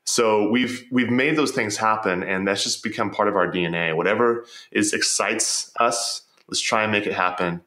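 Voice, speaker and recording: A man's voice: on the low side, normal speed, few pauses, pushed and bright. Earnest man in a roomy space. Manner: earnest, reflective, repeats words when starting. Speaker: podcast guest. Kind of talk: storytelling in conversation.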